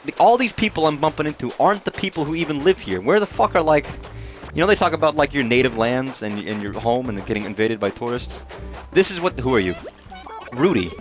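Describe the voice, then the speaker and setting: A man talking over his own gameplay in a loose, profane ramble, his pitch bouncing all over as he mock-rants at whoever crosses his path. Faint game music sits quietly behind him. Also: expressive. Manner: profane, rambling, quick to rant at on-screen characters. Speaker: livestreamer. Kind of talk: casual gameplay commentary.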